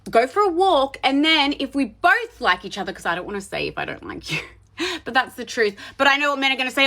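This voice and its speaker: A blunt woman in her thirties tells a first-date horror story as a casual monologue. Her voice sits a little high, and she talks in an animated way, swearing freely and reacting strongly as she goes. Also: a little fast.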